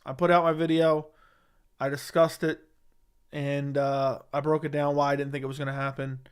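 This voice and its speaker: A man's voice: a little high, flat delivery, moderate pace, clean tone. A man hosting a casual MMA livestream from a home setup, reading viewer comments and answering them in a defensive, argumentative way that repeats its points. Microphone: studio dynamic mic.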